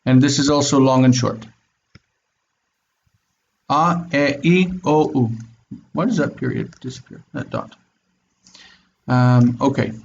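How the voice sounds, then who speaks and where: A man's voice: mid-range voice, slow pace, vocal fry, long pauses, a little mellow. Man, online class teacher, step-by-step explaining, slightly dull video-call sound. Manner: explains step by step, checks in with "okay?". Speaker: Biblical Hebrew teacher.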